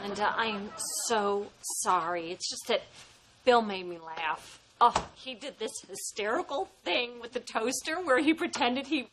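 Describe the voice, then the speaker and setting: A woman's voice: on the high side, measured pace, a crowd in the background, background noise, natural voice. A woman playing a sitcom wife, talking in an exasperated, scheming way. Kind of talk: sitcom acting.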